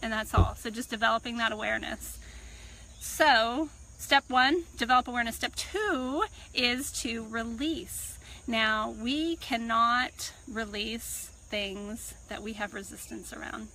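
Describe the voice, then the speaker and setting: Woman coach, bright tone, unhurried and thoughtful, recorded outside with soft insect and bird sounds. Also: fairly high pitch, a little hiss or hum, low-quality recording. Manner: calm, reflective, unhurried teaching. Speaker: personal growth coach. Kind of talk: self-help talk to camera. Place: outdoors on a farm. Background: birds and crickets.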